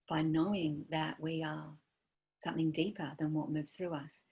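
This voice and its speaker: A woman giving a dharma talk as a meditation teacher, gentle and searching, trailing off softly with many fillers. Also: sits low, little pitch movement, moderate pace.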